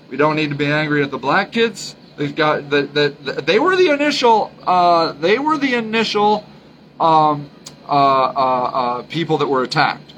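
A man's voice: fairly high pitch, fairly bright tone, slight background noise, low-quality recording. A man hosting a solo podcast, talking earnestly and emphatically, often repeating his points and restarting sentences. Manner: halting, frequent restarts. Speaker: podcast host.

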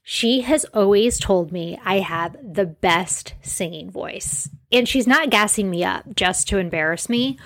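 A woman's voice: mid-range voice, unhurried, few pauses, fairly bright tone. Chatty self-mocking woman podcast host. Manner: chatty, self-deprecating, rambling asides. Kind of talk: casual solo podcast chat.

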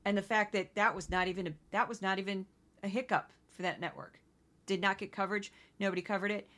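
A woman from Missouri hosting a solo news-commentary podcast, talking in an indignant, conversational way with quick asides. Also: mid-range voice, fairly even intonation, a bit bright. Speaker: podcast host.

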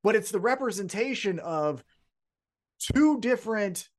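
Lively chatty male podcast co-host. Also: high voice, measured pace. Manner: chatty, recaps with acted-out quotes and profanity. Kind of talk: casual wrestling chat.

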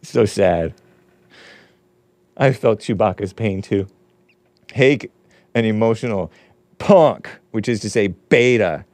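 A man's voice: lowish voice, animated, slow pace, pauses often, a little mellow, no room sound. A man hosting a casual livestream, reading viewer comments aloud and rambling with frequent laughs. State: losing his voice. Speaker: livestream show host.

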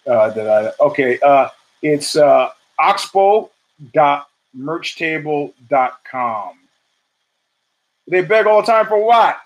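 A man hosts his own show, sounding animated yet taking things slowly with long pauses, over dull audio. His casual monologue meanders through asides, restarts, and swearing, and he performs quotes by pitching his voice up.

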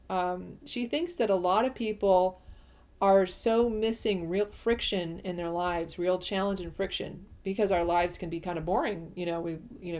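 A woman's voice: lowish voice, darkish tone. A middle-aged woman hosting her own podcast, talking through her views in a chatty, opinionated way, often restarting sentences and laughing at herself. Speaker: podcast host. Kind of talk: casual solo podcast monologue.

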